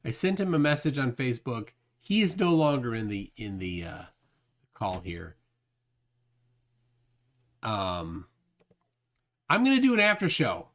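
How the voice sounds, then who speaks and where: A man's voice: medium pitch, very animated, measured pace, long pauses. Rambling man hosting a chat stream. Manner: rambling, reads chat comments aloud with frequent fillers. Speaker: livestream host reading chat. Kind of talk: casual livestream chat.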